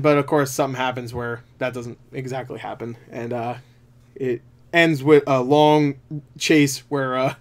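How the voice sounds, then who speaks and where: A young man hosting a casual movie review chat, laughing often, swearing and acting out scenes in quick quoted voices. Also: mid-range voice, steady tone.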